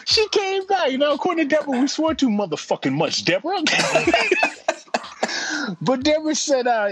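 Loud, laughing, profane podcast co-host man. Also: very high voice, big pitch swings, moderate pace, very noisy. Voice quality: profane, laughing, rambling banter. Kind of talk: casual podcast chat reading listener emails.

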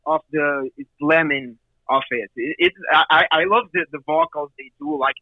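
A man from Brazil with a Brazilian Portuguese accent, a guest musician talking casually and halting, repeating words as he searches for them, heard over a phone line. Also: fairly high pitch, wildly swooping pitch, vocal fry, dry recording. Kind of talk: casual interview.

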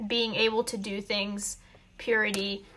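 A woman's voice: mid-range voice, level tone, unhurried, fairly bright tone, a little hiss or hum. A teenage girl co-hosting a casual podcast chat, rambling with lots of fillers. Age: teens. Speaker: podcast co-host.

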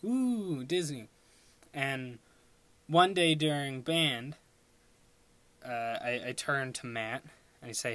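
A man's voice: mid-range voice, a little slow, fairly bright tone. A young man telling a rambling personal story in a casual way, laughing at himself and breaking off to correct his own track. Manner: rambling, self-interrupting, laughs at own stories.

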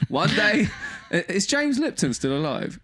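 A man's voice: sits high, sing-song, unhurried, a bit bright. A man co-hosting a podcast in crude, jokey casual chat, laughing often. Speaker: podcast co-host.

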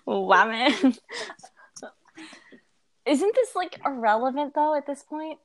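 A young woman co-hosts an advice podcast in a casual, giggly way. Her voice sits a bit high and she talks slowly, pausing with ums while she thinks. The sound is close and dry. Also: lively intonation, no room sound. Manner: giggly, hesitant, lots of ums. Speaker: podcast co-host giving advice.

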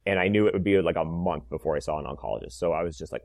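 A man in his thirties, an interview guest, telling his story in a lively conversational way. He acts out the dialogue and uses "like" a lot. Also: low voice, very fast, vocal fry, no room sound. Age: 30s. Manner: animated, reenacts dialogue, frequent "like" fillers. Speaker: interview guest, cancer survivor.

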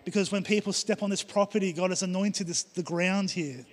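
In a church hall thick with long reverb, a middle-aged pastor preaches briskly. His voice is high, and he drives his sermon with emphatic lines said again and again.

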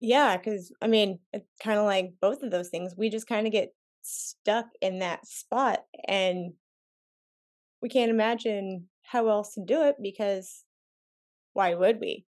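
A woman's voice: medium pitch, a little slow, darkish tone. A woman hosting a casual interview, who mostly agrees in short replies and then shares her own thoughts. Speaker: interview host.

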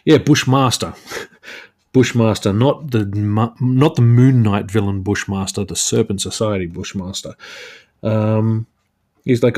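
A man's voice: fairly low pitch, steady tone, measured pace, darkish tone. A man hosting a solo podcast, chatting casually about a comic book with lots of fillers and restarts. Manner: rambling, many fillers and restarts. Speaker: podcast host.

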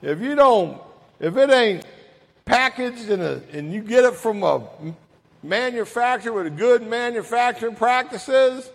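A middle-aged man with a high-pitched voice talks bluntly and casually, spinning a cautionary story for a crowd. His words ring out with the long echo of a large hall. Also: expressive, a little slow. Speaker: recovery speaker. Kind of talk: prevention talk to an audience. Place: large hall, correctional facility. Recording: echoey hall.

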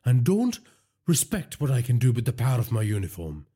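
A man's voice: mid-range voice, huge pitch swings, brisk, dark tone, slightly rough, voice pushed up. A man voicing a frightened, stammering police constable in an audiobook, hesitant and defensive. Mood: tense, defensive. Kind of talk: audiobook character voice.

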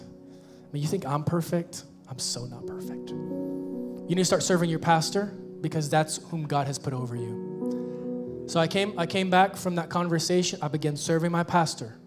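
A man's voice: on the high side, normal speed. A man preaching a sermon as pastor, emphatic and repeating his questions for effect. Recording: guitar music behind.

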